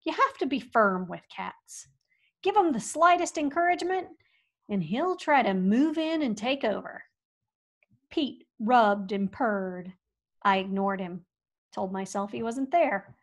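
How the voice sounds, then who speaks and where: A woman reading a storybook aloud with folksy, lively expression. Her voice sits a little high, and she swings between hushed asides and loud outbursts. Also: a little slow. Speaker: audiobook reader. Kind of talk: storybook narration.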